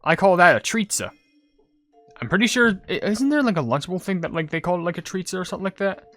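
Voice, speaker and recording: Chatty rambling man with a higher voice. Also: quick pace, faint music behind. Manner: rambling, heavy use of "like" and "you know"; gets loud and excited over game pulls. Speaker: gaming YouTuber. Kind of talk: casual gaming commentary reading comments.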